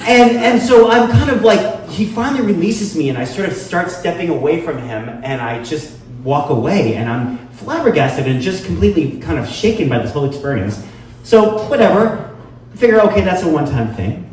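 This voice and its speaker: A man's voice: fairly high pitch, expressive, normal speed, darkish tone, distant mic. A middle-aged man hosting a live storytelling show, rambling with many fillers and self-deprecating humor. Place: live venue with audience. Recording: echoey room heard from afar, faint noise.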